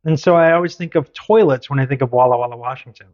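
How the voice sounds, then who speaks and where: Man, podcast host, playful storyteller, middle pitch, dull lo-fi sound. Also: fast talker. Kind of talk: casual storytelling chat.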